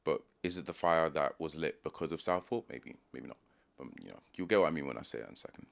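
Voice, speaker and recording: A young man with a London accent giving his opinions in a casual monologue, pausing and restarting as he thinks aloud. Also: a bass voice, lively intonation, creaky. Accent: London English. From London, England. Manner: thinking aloud, restarts and pauses mid-sentence. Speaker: video commentator.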